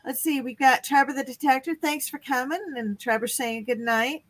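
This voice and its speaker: A woman's voice: sits high, normal speed, a bit bright, no echo. A woman hosting a late-night live stream, chatting casually, giggling and greeting viewers by name. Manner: chatty, giggly, reads out chat names.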